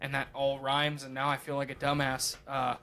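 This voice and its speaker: A man's voice: medium pitch, completely flat delivery, normal speed, bright, forceful tone. A man co-hosting a podcast in casual chat, rambling through stories with heavy swearing. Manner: profane, rambling storytelling. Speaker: podcast co-host.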